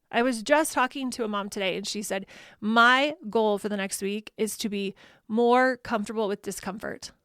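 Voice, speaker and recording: Woman, podcast host, heartfelt and reflective solo talk, mid pitch, dry recording. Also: a bit bright, no echo. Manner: earnest, heartfelt, self-correcting.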